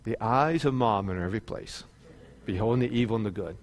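A man's voice: fairly low pitch, brisk. Preaching man in a reverberant hall. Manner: preaching with rising fervor and repetition. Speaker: pastor. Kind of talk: sermon.

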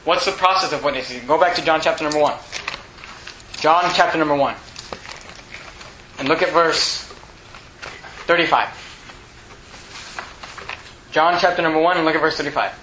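Emphatic preacher with a bright, high voice. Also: male voice, moderate pace, pauses often. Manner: emphatic, rising to loud bursts. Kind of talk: sermon. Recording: echoey room, faint hum.

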